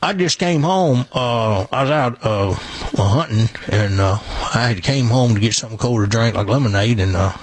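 A man's voice: mid-range voice, moderate pace, lightly acted. A man putting on a rambling, folksy rural eyewitness from Tennessee with a drawling accent.

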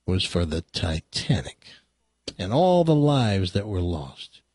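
A man playing a dazed bar patron, dry and deadpan, with a husky voice. the pitch swings up and down widely in a dry, close sound. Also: slow pace, no echo, exaggerated voice.

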